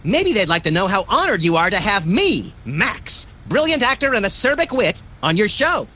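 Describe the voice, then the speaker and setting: An actor voicing a manic, sarcastic little rabbit-like creature in a video game. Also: male voice, high voice, very animated, moderate pace, bright, forceful tone, full character voice. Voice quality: gleefully unhinged, sarcastic. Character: manic wisecracking small male rabbit-like creature.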